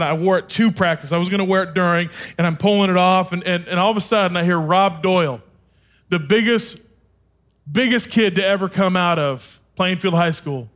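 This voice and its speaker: A man preaching from a stage, telling his own story in an animated, self-deprecating and humorous way. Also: sits high, fast talker. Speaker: speaker. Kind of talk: sermon with personal storytelling.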